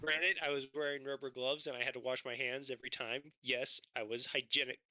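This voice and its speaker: A man telling a story in casual chat on a livestream, animated and swearing, acting out both sides of a conversation. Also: medium pitch, brisk, no echo.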